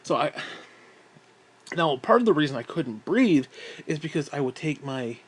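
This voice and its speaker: A man's voice: a little high, sing-song, normal speed, slightly rough. A man telling a rambling story in a casual monologue, swearing often, exasperated and mocking himself, with frequent sighs. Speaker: vlogger.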